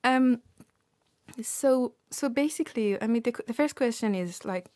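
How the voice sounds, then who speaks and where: A woman researcher being interviewed on radio, explaining her work in a measured, careful way. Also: fairly high pitch, a little mellow, no echo, studio quality. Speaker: researcher guest.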